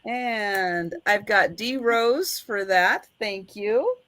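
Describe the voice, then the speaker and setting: A woman's voice: mid-range voice, animated, extremely slow, a bit bright, no echo. A woman hosting a live online vintage sale, chatting and counting down bids like an auctioneer. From United States.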